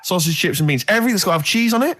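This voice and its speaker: A man's voice: high voice, animated, rapid-fire, heavy background noise. A man co-hosting a radio chat, ranting in mock exasperation about a friend's habits, on a studio microphone. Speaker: radio co-host.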